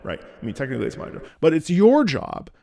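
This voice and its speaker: An enthusiastic opera singer talks through game music with a bouncing, expressive voice that rides a bit high for a man. He fills his talk with casual fillers and bursts into scatted melodies. The sound is dry and close, with faint music underneath. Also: fast talker, no echo. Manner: enthusiastic, scats melodies aloud, many fillers. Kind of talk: casual music reaction commentary.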